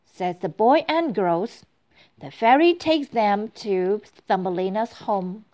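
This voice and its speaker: A woman reading a children's storybook aloud in a slow, clear, expressive way. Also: mid-range voice, highs cut off.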